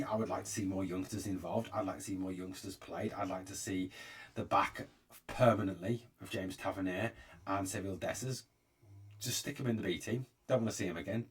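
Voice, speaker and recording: A man's voice: medium pitch, slightly rough, distant mic. A man hosting a fan channel, giving an exasperated, emphatic commentary and often repeating himself. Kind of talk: opinionated fan commentary monologue.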